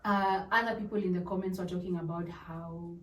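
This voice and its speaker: A woman's voice: fairly low pitch, steady tone, brisk. A young woman in her twenties from Kenya hosting a casual relationship talk show, chatty, laughing often and asking her guest questions. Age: 20s. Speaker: podcast host. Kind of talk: casual chat. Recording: echoey room, distant mic, soft music.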